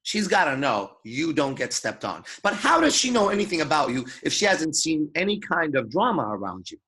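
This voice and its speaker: A man's voice: a little high, sing-song, fairly quick, pushed and bright, breathy edge. A man coaching seduction in a crude, emphatic lecture, swearing constantly and acting out his own thoughts. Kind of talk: profane motivational lecture.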